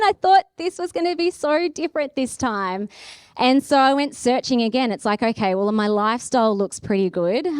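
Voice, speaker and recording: A woman's voice: a little high, clear, resonant tone, no echo, studio quality. Candid Australian woman giving a keynote. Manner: candid, chatty, animated storytelling. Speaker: keynote speaker. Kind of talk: conference keynote talk. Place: conference room.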